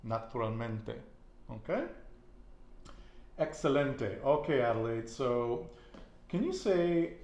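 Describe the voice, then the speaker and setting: In this Spanish lesson, a man patiently quizzes a student, echoing her answers back and encouraging her. His mid-range voice is animated and a little mellow, and he takes things slowly with long pauses. It's recorded in an echoey room with some faint noise.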